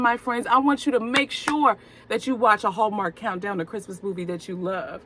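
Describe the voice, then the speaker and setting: Woman, young adult, movie review host, bright tense tone, playful, animated, casual chat. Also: medium pitch, a little hiss or hum. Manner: animated and playful, drawn-out emphasis.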